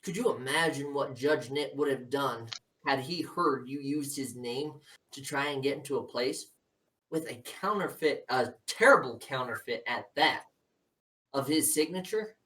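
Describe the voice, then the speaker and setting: A man voices a cold, scheming older politician father who lectures his son with quiet menace and talks down to him at every turn. The voice sits at an ordinary middle pitch and comes from a little distance off the microphone. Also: unhurried. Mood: scolding.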